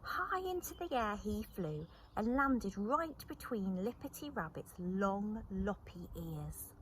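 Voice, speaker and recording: A woman telling a children's story, expressive and animated, slipping into soft whispers. She takes it slowly and lets her voice rise and fall widely. A faint hiss of noise runs underneath. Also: mid-range voice, rough recording. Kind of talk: storybook reading.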